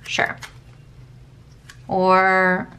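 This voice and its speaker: Chatty rambling woman with a bright voice. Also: mid-range voice, completely flat delivery, extremely slow, smooth. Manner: chatty, rambling, many fillers and self-asides. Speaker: planner vlogger. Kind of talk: casual chat while planning.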